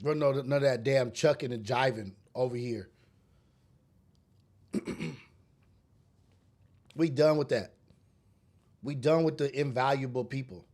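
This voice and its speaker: The voice is medium-pitched and a little mellow, moving at a measured pace with long pauses. It belongs to a podcast host from a rough urban neighborhood who rants bluntly and preachily through a casual solo monologue, using street slang and swearing.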